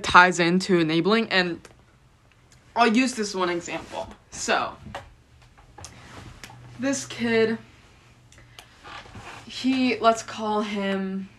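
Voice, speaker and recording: A soft-spoken woman chats on a casual podcast at an unhurried pace. Her voice sits at a middle pitch, and she measures out each thought. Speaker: podcast co-host. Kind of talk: casual chat.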